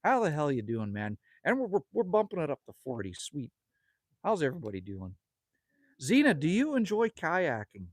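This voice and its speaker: Lively chatty man in his fifties. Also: fairly high pitch, moderate pace, dry recording. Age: 50s. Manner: rambling, friendly, chatty. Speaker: livestream host. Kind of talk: casual livestream chat reading comments. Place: outdoors at a country cabin at sunset.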